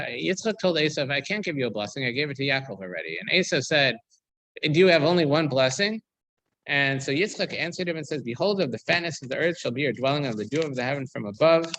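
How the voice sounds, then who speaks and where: Bright-voiced rabbi explaining scripture. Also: male voice, medium pitch, rough recording. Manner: thinking aloud, with many ums and restarts; reads verses aloud, then explains them. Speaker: rabbi teaching a weekly Torah class. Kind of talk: reading and explaining scripture to a class.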